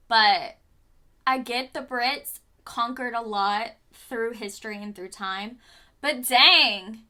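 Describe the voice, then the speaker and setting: Young woman, high voice, unhurried, blunt casual rant, swears, makeup vlog. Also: bright, forceful tone. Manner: blunt, swears, exasperated asides. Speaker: beauty vlogger. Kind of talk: casual ranting review. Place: home room doing makeup.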